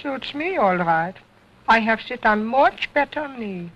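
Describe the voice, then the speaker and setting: A man's voice: very high voice, animated, unhurried, bright, forceful tone, voice pushed up, full character voice. A man voicing a cheeky little boy ventriloquist dummy, wisecracking in broken English, on a dull lo-fi old recording. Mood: sassy.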